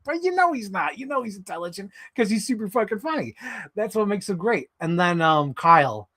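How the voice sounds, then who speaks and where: A man hosting a live stream, chatting casually about toys and podcasts in a profane, animated, rambling way. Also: high-pitched, fairly quick.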